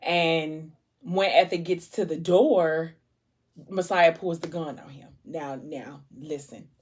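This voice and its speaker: A woman vlogger chatting casually on camera and retelling a novel's plot in an animated way, acting out the characters' lines. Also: sits low, slow pace, husky. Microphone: camera mic.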